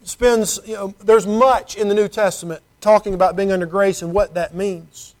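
A man's voice: sits high, steady tone, normal speed. A man preaching a sermon in an earnest, conversational way, asking his listeners rhetorical questions and reading scripture aloud. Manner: reads scripture in King James wording.

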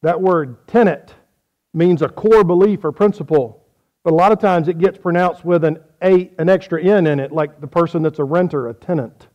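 A man's voice: on the high side, moderate pace, highs cut off. Folksy preacher, man. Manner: folksy, joking, quizzing the audience. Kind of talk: sermon with audience questions.

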